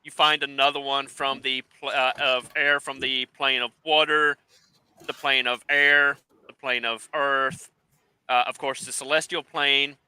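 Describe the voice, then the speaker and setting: A man serving as dungeon master, describing scenes haltingly as he narrates a tabletop game. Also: mid-range voice, level tone, sharp tone, clear, resonant tone, dry recording. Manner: halting, full of fillers and restarts while describing scenes.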